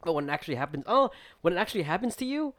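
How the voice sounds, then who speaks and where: A man's voice: sits high, sing-song, racing, a bit bright, no room sound. A young man co-hosting a podcast, telling a story in a casual, rambling way with many filler words and acted-out quotes. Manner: rambling storytelling full of filler likes, acting out friends' lines. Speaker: podcast co-host. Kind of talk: casual chat.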